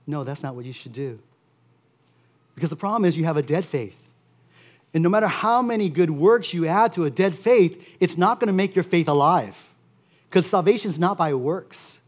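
A man preaching a sermon as pastor, earnest and steady, repeating key phrases for emphasis. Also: on the high side.

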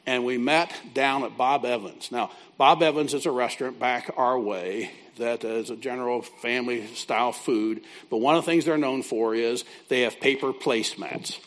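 A man's voice: medium pitch, moderate pace, hardly any pauses, fairly bright tone. A man who works as a biblical counselor, teaching a class by telling a folksy, conversational story. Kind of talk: teaching through a told story.

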